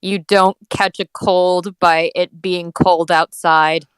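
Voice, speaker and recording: Dry-sounding woman, sarcastic co-host, deadpan quips. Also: fairly low pitch, slow, clear, resonant tone, dry recording. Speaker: co-host commenting. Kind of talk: casual sarcastic chat.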